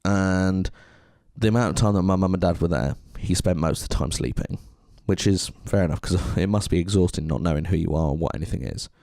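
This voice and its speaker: A low-voiced English man co-hosting a casual podcast. He talks earnestly and rambles, restarting his sentences. The sound is dry and close to the mic. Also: brisk, vocal fry, mellow, no room sound. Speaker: podcast co-host.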